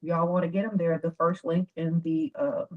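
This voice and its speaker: A woman giving dating advice in a chatty, animated livestream talk. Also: lowish voice, normal speed. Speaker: advice host. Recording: dull lo-fi sound.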